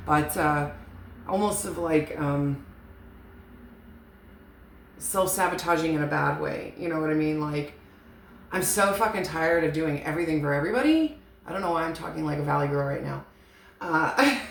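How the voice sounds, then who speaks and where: A woman with a low, creaky voice rambles through a casual tarot reading, frank and chatty, with the occasional swear word. It was recorded in an echoey room with a faint hiss.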